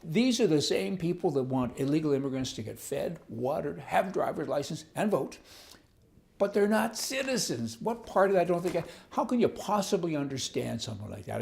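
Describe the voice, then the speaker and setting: Gravelly, indignant male political commentator. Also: medium pitch, darkish tone. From Canada. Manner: indignant, sarcastic, rambling with fillers. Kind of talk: opinion monologue.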